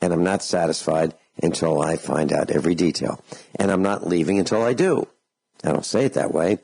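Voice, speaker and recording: A man hosting a talk radio show, giving slow, deliberate advice and repeating phrases for emphasis. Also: sits low, creaky, darkish tone, husky, dry recording, rough recording.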